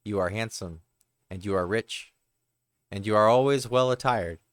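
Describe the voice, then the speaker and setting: A man's voice: lowish voice, moderate pace, no echo, clean studio sound, natural voice. A man reading aloud the lines of a proud, indignant woman, firm and direct. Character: proud woman spurning her lover.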